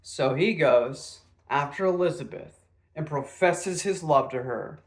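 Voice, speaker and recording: A man's voice: fairly high pitch, measured pace. A man casually reviewing a classic novel, rambling and self-deprecating, with frequent fillers. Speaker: book reviewer.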